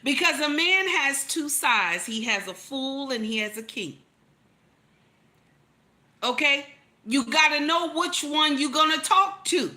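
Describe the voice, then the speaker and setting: A woman with a fairly high, bright and forceful voice delivers relationship advice commentary. She hammers points home by repeating lines and throwing teasing rhetorical questions at her listeners. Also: very animated, measured pace.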